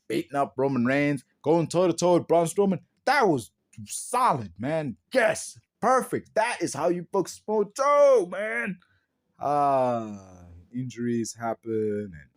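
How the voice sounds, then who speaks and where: A male podcast host talks in a loose, slangy rant, full of exclamations and frequent laughs. His pitch swings widely as he gets worked up. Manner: laughs often.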